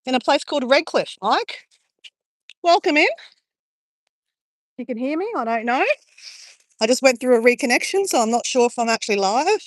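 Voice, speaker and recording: A woman's voice: sits high, expressive, normal speed, long pauses, no room sound. Chatty woman on a beach stroll. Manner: rambling and chatty, greets viewers while walking. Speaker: live-streaming vlogger. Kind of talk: casual live-stream chat. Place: outdoors on a beach.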